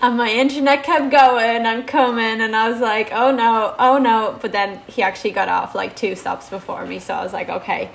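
A woman's voice: a little high, steady tone, a little fast, gravelly, few pauses, slight background noise, rough recording. A young woman telling a story in a casual vlog, saying "like" constantly. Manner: chatty, says "like" constantly. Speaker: vlogger.

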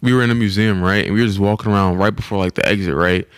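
A man's voice: lowish voice, fairly even intonation, rapid-fire, clean tone, dry recording, studio quality. A young man co-hosting a casual podcast, telling a travel story in a laid-back, rambling way with frequent laughs. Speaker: podcast co-host.

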